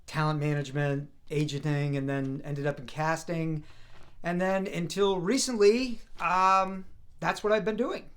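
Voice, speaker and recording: A man's voice: fairly high pitch, unhurried. A man in his fifties from the US East Coast, a voice actor chatting casually as a guest over a remote call. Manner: relaxed, rambling, self-deprecating. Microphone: video call.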